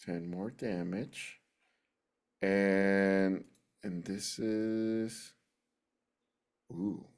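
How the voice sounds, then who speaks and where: A man's voice: low-pitched, steady tone, drawn-out words, darkish tone, clear, resonant tone. A man playing a tabletop game in a casual, playful way, with sound effects. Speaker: player.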